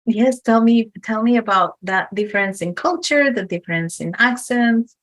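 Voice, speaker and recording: A woman hosting a podcast, introducing her guest and asking questions, reading her introductions slowly and carefully. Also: fairly high pitch, dry recording, low-quality recording. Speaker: podcast host.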